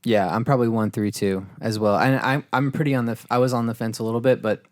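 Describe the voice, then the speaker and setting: A man's voice: mid-range voice, steady tone, quick pace, a little mellow, dry recording, clean studio sound. A man co-hosting a podcast who leads the chat and asks the others questions. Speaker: podcast co-host. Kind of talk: casual chat.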